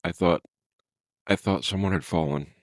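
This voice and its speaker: A man voicing a frightened, injured woman in her thirties trapped in a cave, who speaks in halting, trembling, broken sentences while telling a horror story. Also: low voice, dry recording, clean studio sound, close to an everyday voice.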